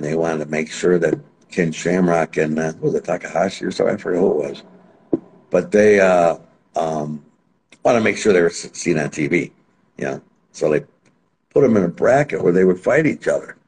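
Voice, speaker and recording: A man as an interview guest, telling stories in a casual, animated way. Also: low-pitched. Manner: animated, acts out quotes in other voices. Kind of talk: casual anecdotal storytelling.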